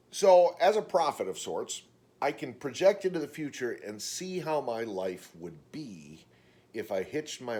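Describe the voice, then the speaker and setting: A middle-aged man in a rambling vlog monologue, his pitch swinging widely as he tells stories. He often jumps into higher voices to mimic other people, then drops back down to a flat, low grumble. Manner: animated storytelling, mimics others in high voices. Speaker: vlogger.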